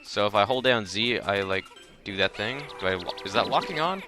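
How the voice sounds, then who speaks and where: A man's voice: lowish voice, lively intonation, a little fast, music in the background. A man hosting a let's play, giving casual, chatty and self-mocking commentary as he plays.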